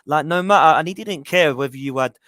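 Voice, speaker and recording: A man's voice: on the high side, brisk, a bit bright, no echo, studio quality. A man on a casual podcast, reminiscing fondly, laughing and repeating himself as he talks. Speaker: podcast guest.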